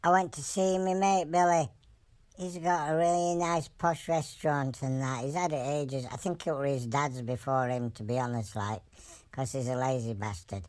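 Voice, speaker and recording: A man's voice: medium pitch, fairly even intonation, normal speed, a little mellow, close to an everyday voice. A man with a Yorkshire accent voicing a trained animal who tells rambling pub jokes, full of fillers and restarts. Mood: gossipy. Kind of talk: dubbed comic voice-over.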